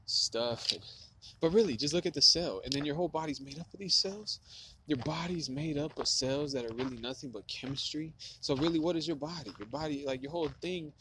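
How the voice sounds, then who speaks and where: A man's voice: mid-range voice, background noise. A man rambling in a stream-of-consciousness monologue, musing and swearing, with lots of filler words. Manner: profane, musing, heavy on filler "like". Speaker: vlogger. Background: running water.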